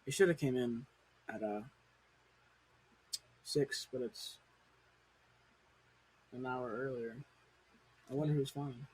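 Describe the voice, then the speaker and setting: A teenage boy chatting casually and telling a rambling story in a soft, mumbled way. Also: mid-range voice, takes it slowly, pauses often, slight background noise. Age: teens. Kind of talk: casual chat.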